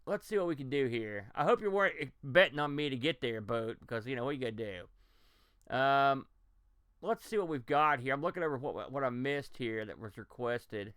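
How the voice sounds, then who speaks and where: A man commentating live as he plays old video games, talking to his chat and reacting loudly to what happens on screen. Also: medium pitch, normal speed, smooth, no room sound, studio quality. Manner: excitable, reacts loudly to gameplay and talks to chat. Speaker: game streamer. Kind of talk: live game-stream commentary.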